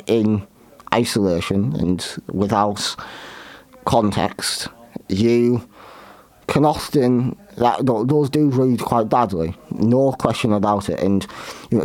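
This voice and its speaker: Halting man, low voice. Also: a little mellow. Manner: halting, repeats and restarts words often. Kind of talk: opinionated history commentary.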